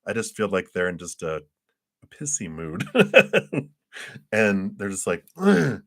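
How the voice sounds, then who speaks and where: A deep-voiced man reads tarot cards for viewers on a live stream. He talks in a loose, chatty way and keeps musing aloud about what he feels. He laughs easily between his thoughts. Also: big pitch swings, unhurried, a bit bright. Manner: chatty, laughs often, thinks aloud with "I just feel like". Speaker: tarot reader. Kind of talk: live-stream card reading.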